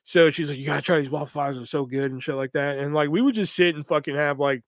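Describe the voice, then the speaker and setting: A man's voice: on the high side, quick pace, no echo. Rambling, profane young man. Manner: rambling, profane, lots of fillers. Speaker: podcast host. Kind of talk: casual storytelling.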